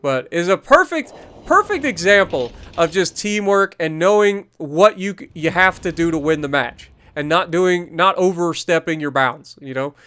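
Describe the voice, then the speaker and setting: A man's voice: high-pitched, lively intonation, moderate pace, sharp tone. Man coaching through a naval game match. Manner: explanatory, coaching, repeats key points. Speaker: gaming channel host. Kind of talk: gameplay commentary over recorded match.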